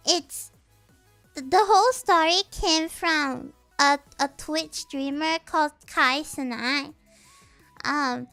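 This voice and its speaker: Woman streamer, squeaky high and bright voice, giggly rambling slang lesson. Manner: giggly, rambling, with many restarts. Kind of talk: casual livestream explanation.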